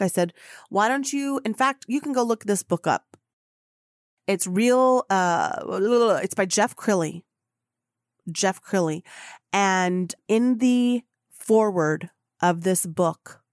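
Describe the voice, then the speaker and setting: A middle-aged woman hosts a podcast alone and talks straight into a close microphone. She swears freely and sounds fired up and chatty as she tells her own story. Her voice sits at a middle pitch, and the recording is dry with no room sound. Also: no echo. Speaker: podcast host. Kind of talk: motivational storytelling monologue.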